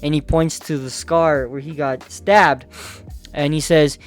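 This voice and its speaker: A man's voice: fairly high pitch, fairly even intonation, measured pace, soft background music. A man giving a casual, profane comic recap of a comic, full of fillers and laughter. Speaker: manhwa recap host.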